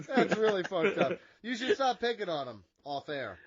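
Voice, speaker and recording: High-voiced man on a wrestling podcast. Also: sing-song, normal speed, highs cut off, crowd noise. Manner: joking, profane, teasing. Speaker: podcast co-host. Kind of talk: casual wrestling chat.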